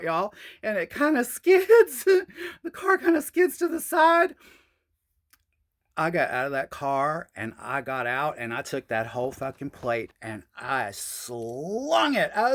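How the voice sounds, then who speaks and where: Woman telling a wild story to camera, swears a lot, pitch jumps all over. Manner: animated, profane, drawling asides.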